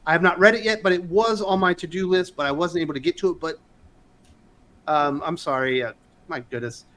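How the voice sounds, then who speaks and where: A man's voice: a little high, a little fast, fairly bright tone. A man hosting a live panel stream, chatting casually and greeting viewers in the chat. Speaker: show host.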